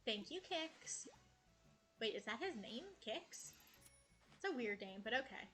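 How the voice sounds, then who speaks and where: A young woman gives a relaxed tour of her cozy game island, cooing affectionately at the characters. Her voice is bright and a little high, and soft game music plays underneath. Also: measured pace. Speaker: gaming streamer. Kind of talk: casual game tour vlog. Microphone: headset.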